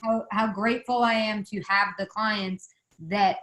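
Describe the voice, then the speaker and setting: A woman's voice: mid-range voice, fairly even intonation, unhurried, a bit bright. A woman hosting a podcast interview, chatting casually and affirming her guest. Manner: friendly, affirming. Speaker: podcast host.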